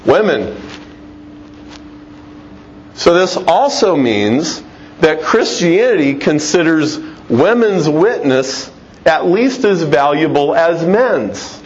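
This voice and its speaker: A middle-aged man with a slightly raised voice delivers an emphatic, conversational lecture-style talk, often restarting his phrases. The recording is dull and lo-fi, with faint noise underneath. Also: on the high side. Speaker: Christian speaker.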